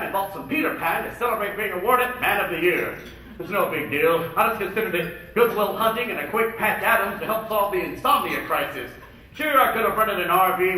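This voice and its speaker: A man working as a comic emcee at a luncheon, firing off rapid jokes and slipping in and out of impressions. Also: high voice, pushed and bright, a little hiss or hum. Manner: rapid-fire jokes and impressions, jumping in and out of voices. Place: luncheon event hall. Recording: echoey hall, far from the mic.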